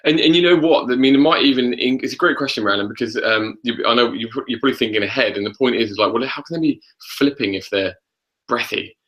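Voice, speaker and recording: A man's voice: mid-range voice, fast, fairly bright tone, low-quality recording. A man, a vocal coach, talking casually on a webinar in an easygoing, encouraging way. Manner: easygoing, encouraging, hesitant fillers.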